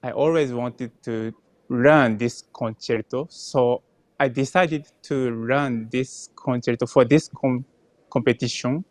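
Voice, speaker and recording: A man from Japan answers interview questions. He speaks slowly and haltingly and searches for words. The sound is dry and close. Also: medium pitch, dry recording. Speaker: guest pianist.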